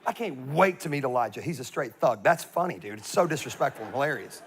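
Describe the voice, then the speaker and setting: A man preaching a sermon as pastor, telling the story with humor, animated and swinging from loud emphasis to quiet asides. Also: mid-range voice, fast, slight background noise.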